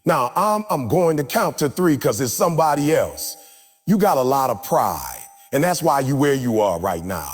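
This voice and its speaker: A man's voice: medium pitch, very animated, normal speed, husky. A man giving a live motivational speech to a crowd in a large hall, preaching and leading the audience in call-and-response chants. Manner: forceful, repetitive exhortation. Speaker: motivational speaker. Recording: long hall reverb with faint music.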